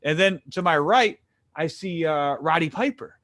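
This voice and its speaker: A man from the Detroit area telling lively, stammering stories as an interview guest. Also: a little high, a little slow, no echo, clean studio sound. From Detroit area, USA. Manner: animated, excited, frequent stammered restarts. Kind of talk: casual storytelling.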